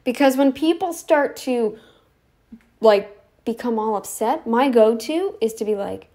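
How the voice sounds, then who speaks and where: A woman's voice: a little high, animated, measured pace, dark tone. A woman talking straight to the camera in a rambling, scolding, sarcastic way, full of "like" fillers. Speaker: YouTube commentator. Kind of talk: ranting direct-to-camera commentary.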